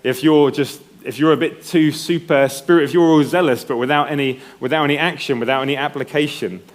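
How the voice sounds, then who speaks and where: A man's voice: fairly high pitch, fairly even intonation, a little fast. A man preaching a sermon in a conversational way, often checking in with the congregation. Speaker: pastor.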